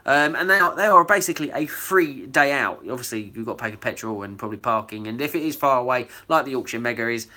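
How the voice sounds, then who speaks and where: Middle-aged host, bright forward voice, loose chatty live-stream delivery. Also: male voice, medium pitch, animated, fast, hardly any pauses. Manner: chatty, reads out viewer comments, rambling with fillers. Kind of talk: casual live-stream chat.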